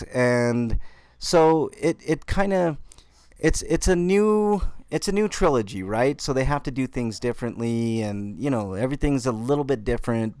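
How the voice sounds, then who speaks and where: A man hosting a podcast, telling a story with animated mock outrage. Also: mid-range voice, no echo. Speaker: podcast host. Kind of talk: casual chat.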